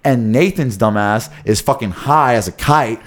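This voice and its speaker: A young man co-hosting a podcast, telling a wild story in loose casual chat. He swears freely and jumps into the voices of the people he quotes. His voice stays at an ordinary middle pitch. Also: moderate pace. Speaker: podcast co-host.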